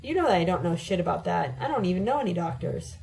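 Woman narrator voicing exasperated young man, blunt, pressing questions, mellow tone, storybook reading. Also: fairly low pitch, sing-song, fast talker, vocal fry, soft background music, low-quality recording.

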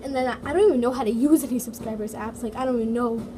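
A woman's voice: on the high side, very fast. A female toy vlogger chatting casually in her basement, full of "like" and "so yeah" fillers. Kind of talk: casual chat reading comments. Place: home basement. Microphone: iPad mini. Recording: noisy home recording, heater hum. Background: heater running.

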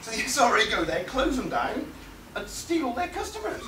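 A man giving an animated, anecdotal conference talk, acting out quotes and laughing often. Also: extremely high pitch, normal speed, background noise. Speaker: conference speaker. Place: conference room. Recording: roomy hall audio from far off.

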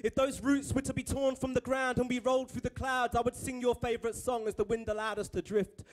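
A man's voice: very high voice, little pitch movement, a little fast. A man performing poetry live, joking and swearing with the crowd before a lyrical recital. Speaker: performance poet. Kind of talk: live poetry reading with stage banter. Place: live venue on stage.

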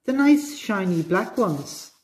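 A woman with an Irish accent voicing a brisk, no-nonsense mother in a children's storybook. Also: mid-range voice, lively intonation, voice pushed up. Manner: brisk, commanding.

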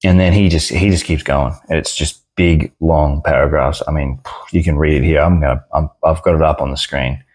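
A man's voice: extremely low pitch, steady tone, normal speed, darkish tone. A young Australian man ranting casually about an online argument, blunt and sweary. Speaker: card seller and channel host.

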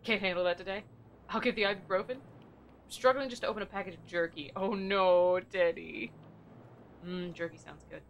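A woman's voice: on the low side, moderate pace, lo-fi sound, slight background noise. A young woman streaming a game, chatting casually with viewers, giggly and thinking aloud. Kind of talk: casual gameplay chat.

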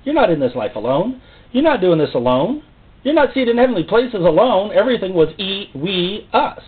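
A man's voice: high-pitched, big pitch swings, normal speed, slightly rough. A man preaching a sermon, emphatic and repeating phrases for stress. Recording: tinny phone-like sound.

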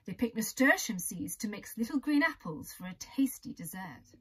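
A woman reading a children's storybook aloud in a gentle, expressive way. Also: medium pitch, normal speed, slightly rough.

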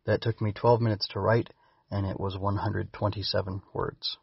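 Husky, low-voiced man, casual rambling podcast host, lo-fi dull recording. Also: little pitch movement, moderate pace, no room sound. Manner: rambling, self-correcting, chuckles. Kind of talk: casual chat and reading his own fiction.

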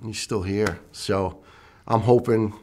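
A man's voice: on the low side, steady tone, takes it slowly, a little mellow, slight background noise. A middle-aged man, a retired firefighter lieutenant, telling his personal story in an interview with earnest feeling and acting out the dialogue. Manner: earnest, emotional, acts out quoted dialogue.

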